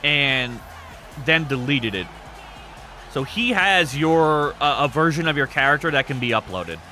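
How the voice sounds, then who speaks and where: A man in his thirties hosting a game stream, chatting casually and answering chat in a rambling, self-described monotone. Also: on the high side, unhurried, soft background music. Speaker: streamer hosting an e-fed wrestling show.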